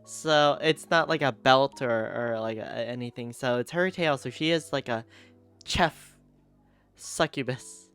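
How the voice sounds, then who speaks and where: A man's voice: mid-range voice, measured pace, fairly bright tone, smooth, soft background music. A male streamer chatting casually and giggling often while playing a game. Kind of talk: casual gaming stream chat.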